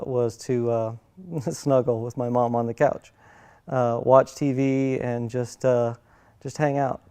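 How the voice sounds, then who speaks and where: Middle-aged guy telling family stories, smooth voice, lots of uhs and restarts. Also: medium pitch. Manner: halting, many fillers and restarts, soft-spoken. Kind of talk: casual personal storytelling.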